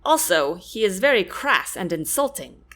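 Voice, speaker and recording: A woman's voice: mid-range voice, very animated, normal speed, a bit bright. A woman voicing a nervous, shy young nobleman who talks hesitantly.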